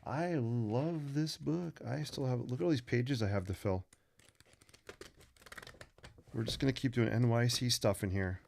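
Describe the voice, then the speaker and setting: Quick-paced and mid-range, this man's voice is creaky and slightly mellow as he hosts a live sketching stream. He teaches while drawing, chatting casually with rambling jokes. A faint hiss or hum is audible.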